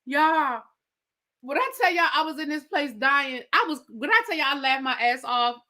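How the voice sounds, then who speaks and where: Woman, high voice, very lively pitch, reality TV recap, slangy storytelling, acts out quotes. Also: moderate pace. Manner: animated storyteller acting out quotes, slangy asides. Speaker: reality TV reviewer. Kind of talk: casual recap commentary.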